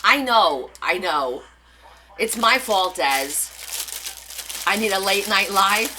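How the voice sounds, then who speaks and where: A woman's voice: mid-range voice, animated, takes it slowly, pushed and bright, a little hiss or hum, poor audio. A woman hosting a live craft stream, chatting casually with her viewers and answering their comments as she demonstrates. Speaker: craft livestream host.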